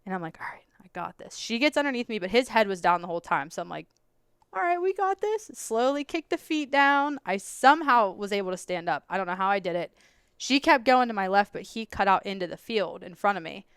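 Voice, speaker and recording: Animated woman telling a hunting story. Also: fast talker, clean tone, no echo, studio quality. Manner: laughs often, acts out her own quotes with sudden loud high bursts. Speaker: podcast guest, law enforcement officer. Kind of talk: animated storytelling in casual chat.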